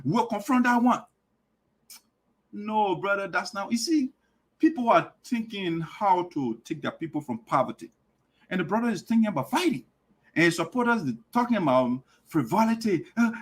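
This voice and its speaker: A man with a Liberian accent hosts an online show, delivering a forceful political monologue in a very high voice. He repeats his points again and again, rising to shouts.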